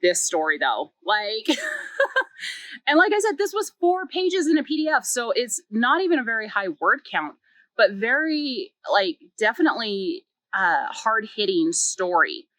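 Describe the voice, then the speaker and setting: A woman's voice: a little high, very animated, a little slow, pushed and bright, no room sound, rough recording. A woman reviewing a book, retelling its plot in a chatty way with many filler words and small acted quotes. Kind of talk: casual story recap.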